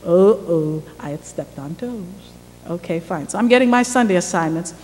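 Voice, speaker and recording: A woman's voice: fairly low pitch, normal speed. Woman telling a story in an echoey hall. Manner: lively storyteller who acts out quoted dialogue. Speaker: guest lecturer, former newspaper reporter. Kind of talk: first-person storytelling lecture. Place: lecture hall. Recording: echoey hall with faint background noise.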